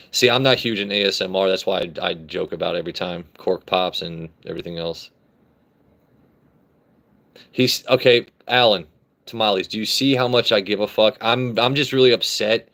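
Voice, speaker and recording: A man's voice: lowish voice, fairly bright tone. Brash, joking man hosting a live stream. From United States. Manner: brash, joking, swears freely. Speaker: livestream host. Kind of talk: casual live-stream chat, reading comments.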